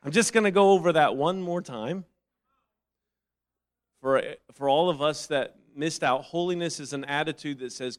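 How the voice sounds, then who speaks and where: Fervent high-voiced male preacher. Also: normal speed, clear, resonant tone. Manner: builds from quiet reasoning to loud, fervent calls; repeats phrases and quotes scripture aloud. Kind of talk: sermon.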